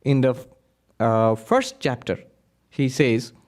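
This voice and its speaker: A man who is a monk, giving a lively spiritual lecture full of anecdotes and frequent laughter. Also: mid-range voice, takes it slowly. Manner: animated storyteller who laughs often.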